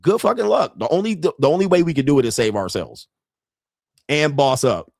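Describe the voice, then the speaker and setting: A man's voice: on the high side, animated, a little fast, vocal fry, darkish tone, no room sound. Heated, profane podcast man, dry sound. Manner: profane, heated, preachy, repeats lines for emphasis. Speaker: podcast host. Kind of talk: ranting monologue.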